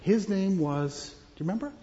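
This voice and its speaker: Animated pastor telling children a story. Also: male voice, high-pitched, fairly quick, long reverb tail, muffled recording. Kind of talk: children's sermon. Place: church.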